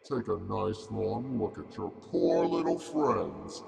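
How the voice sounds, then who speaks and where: An actor playing a gloating, mocking male dark lord villain in a video game, slow and theatrical. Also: low-pitched, wildly swooping pitch, gravelly, roomy sound, big-room sound, faint music behind, exaggerated voice. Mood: taunting.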